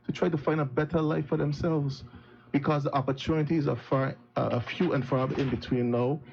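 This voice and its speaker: Gravelly-voiced politician with dull sound. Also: male voice, on the high side, steady tone, brisk, darkish tone. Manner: earnest, critical, with repeated restarts. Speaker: opposition politician. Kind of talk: political speech at a live event.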